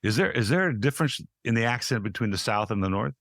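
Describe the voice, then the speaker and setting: An American man hosting a podcast interview, chatty and quick to laugh, often restarting his sentences. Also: medium pitch, animated, fairly bright tone, dry recording, studio quality. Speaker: podcast host. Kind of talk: casual interview chat.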